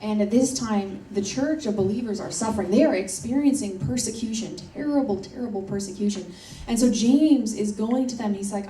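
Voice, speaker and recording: A woman's voice: mid-range voice, normal speed, mellow, a little hiss or hum. A woman preaching a sermon in an earnest, emphatic way, repeating her key points. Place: church hall. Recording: roomy church audio from a distance.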